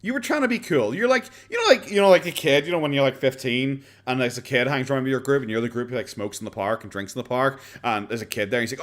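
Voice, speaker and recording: A man's voice: mid-range voice, expressive, fast, fairly bright tone. An Irish man reacting to a video on a home stream, sarcastic and sweary, full of fillers. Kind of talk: casual reaction commentary.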